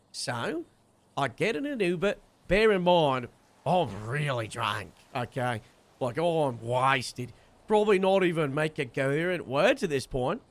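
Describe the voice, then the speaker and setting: Animated young man telling a story. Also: fairly high pitch, no room sound. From Wales. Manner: animated, swears freely. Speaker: streamer. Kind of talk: casual storytelling.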